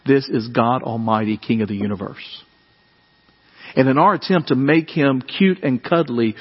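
A man's voice: mid-range voice, husky, in a large hall, muffled recording. A young man preaching a sermon as pastor, chatty and conversational, rising into dramatic outbursts when he quotes scripture. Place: church sanctuary.

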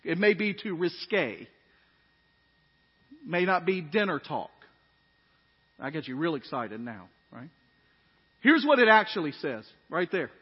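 A man's voice: a little high, big pitch swings, a little slow, long pauses, slightly rough. A man preaching a sermon with emphatic rising phrases, often asking the congregation questions. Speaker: pastor. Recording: dull sermon audio with long hall reverb.

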